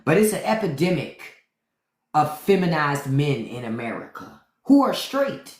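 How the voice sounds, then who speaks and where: A woman's voice: sits low, big pitch swings, unhurried, a little mellow, echoey room. A woman host giving blunt, profane commentary to livestream viewers, repeating her points. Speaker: podcast host.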